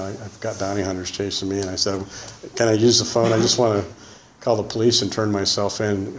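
A man's voice: lowish voice, roomy sound, a little hiss or hum, rough recording. A man sharing his recovery testimony in a rambling, casual way, full of "man" and "you know". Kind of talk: personal testimony.

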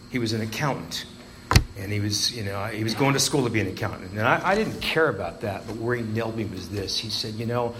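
A man's voice: on the low side, fairly bright tone, a little hiss or hum, rough recording. A man speaking to a live meeting, telling his own recovery story with wry, self-mocking, darkly joking storytelling. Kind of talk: personal recovery story told to a live audience. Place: meeting hall with an audience.

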